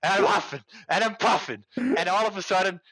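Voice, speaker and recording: A man's voice: high voice, fairly quick, dry recording. A man telling a funny story in a casual group chat and acting out the people in it. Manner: animated, acts out the other people in his story.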